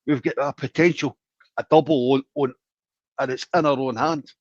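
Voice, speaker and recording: A man calling into a football phone-in, talking passionately in quick bursts. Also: medium pitch, steady tone, no room sound. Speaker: caller. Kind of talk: casual phone-in chat. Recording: dull dry phone line.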